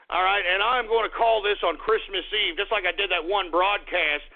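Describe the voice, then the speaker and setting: A man's voice: high voice, fairly even intonation, normal speed, hardly any pauses. A man hosting a call-in radio show, combative and profane, ranting at callers. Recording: tinny phone-like radio audio.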